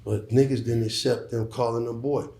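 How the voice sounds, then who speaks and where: Speaking casually as an interview guest, a middle-aged former hustler turned entrepreneur is emphatic and profane, frequently repeating words at the start of sentences. His mid-range voice is creaky and dark, with fairly even intonation at normal speed, in a roomy-sounding space.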